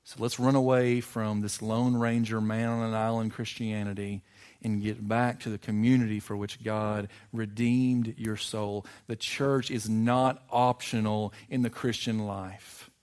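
Guy preaching a sermon in church, earnest, gets loud and emphatic then goes quiet. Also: flat delivery, a little slow, clean tone. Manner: earnest, builds to emphatic rises then drops low. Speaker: pastor. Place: church sanctuary.

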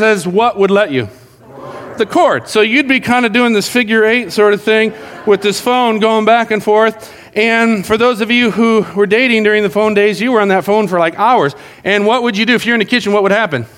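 Animated high-voiced male pastor. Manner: animated, joking storyteller acting out quotes. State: out of breath. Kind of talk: sermon. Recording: long hall reverb.

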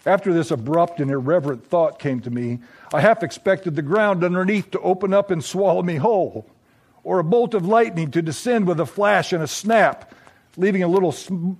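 A man narrating a scripted story in a reflective, measured, gently wry way. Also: a little high.

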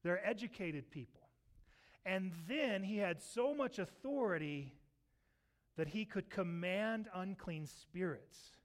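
A man preaching a Sunday sermon as pastor, telling the scripture story with lively, animated delivery and acting out its voices. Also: sits high, slow pace. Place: church sanctuary.

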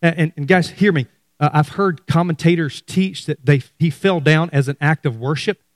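A man's voice: fairly high pitch, normal speed, no room sound, studio quality. A middle-aged man preaching a sermon, speaking animatedly to his congregation. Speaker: pastor.

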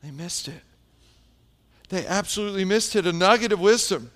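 A male pastor with a fairly high voice delivers a sermon as a story. He moves between animated retelling and quiet, hushed emphasis. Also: measured pace, pauses often.

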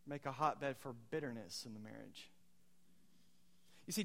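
In a large church hall with long reverb, a pastor with a notably high voice preaches in a relaxed, conversational style. He puts questions to the congregation and drops quoted one-liners.

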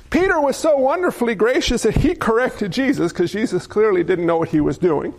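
High-voiced joking male pastor. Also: lively intonation, fairly quick, creaky, few pauses. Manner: playful, jokey asides with rhetorical questions. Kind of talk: sermon.

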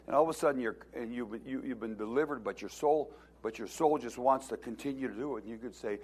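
A man preaching a sermon as pastor, exhorting the congregation and having them repeat phrases, building to loud emphasis at times. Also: mid-range voice, expressive, quick pace, hardly any pauses, slightly rough.

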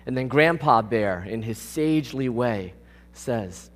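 A man's voice: mid-range voice, animated, a little slow. Guy preaching, chatty and emphatic, keeps asking the crowd "all right?", voice ringing around a big hall. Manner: casual, emphatic, often asks the congregation questions. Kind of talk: conversational sermon. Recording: long reverb of a large hall.

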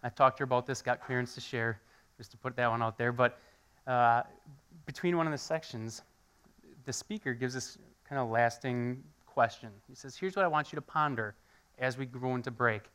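A man preaches a conversational sermon, his voice bright and forceful. He tells everyday stories and plays the people in them with lively energy. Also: medium pitch, normal speed, clean tone. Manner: animated storytelling, acts out quoted voices. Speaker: pastor.

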